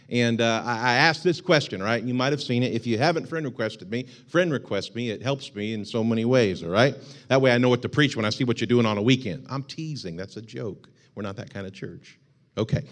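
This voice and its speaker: A young adult man who is a pastor, preaching a sermon in a church in a joking, animated way. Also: mid-range voice. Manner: joking and animated, with laughs and put-on shouts. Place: church sanctuary.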